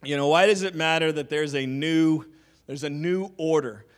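A man's voice: on the high side, moderate pace. A man preaching a sermon in a conversational teaching style, with casual fillers and joking asides.

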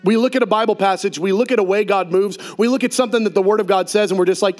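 A man preaching a sermon to his congregation as pastor, telling personal stories in an animated way. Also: sits high, fast talker, hardly any pauses, faint music behind. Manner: animated storyteller acting out voices.

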